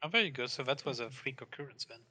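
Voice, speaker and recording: A man with a very bright, sharp-toned voice chats casually about a video game. He makes short, dry remarks at a middle pitch. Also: quick pace. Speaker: co-commentator. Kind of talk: casual gameplay chat.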